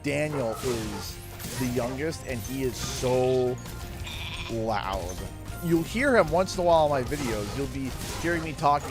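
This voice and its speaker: A man's voice: medium pitch, sing-song, a little slow. A man in his thirties from Canada chatting casually on a livestream from his home office, telling rambling anecdotes and chuckling. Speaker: gaming streamer. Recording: game music playing behind.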